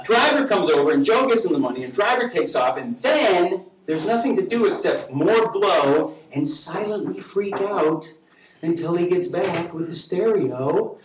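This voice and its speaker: A man's voice: high voice, animated, moderate pace, hardly any pauses. A man reading a comic story aloud to a live audience, wry and profane, acting out the voices. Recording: echoey room, distant mic, faint noise.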